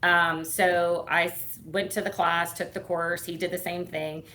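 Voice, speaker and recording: A woman's voice: lowish voice, level tone, measured pace, pushed and bright. A middle-aged woman guesting on an interview, telling her career story in a chatty way with lots of fillers. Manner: chatty, many fillers, acts out quoted dialogue. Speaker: guest, firm owner and CEO.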